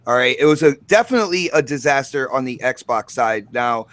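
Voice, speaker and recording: A man's voice: medium pitch, expressive, fairly quick, fairly bright tone, dry recording. A man gives blunt, opinionated takes in a casual gaming chat. His voice sounds dry and close, with no room around it.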